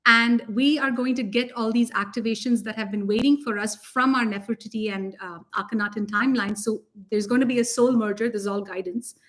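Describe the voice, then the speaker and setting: A woman co-hosting a spiritual talk, gushing with excitement and laughing often. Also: on the high side, brisk, few pauses. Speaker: spiritual teacher and co-host. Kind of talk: casual chat.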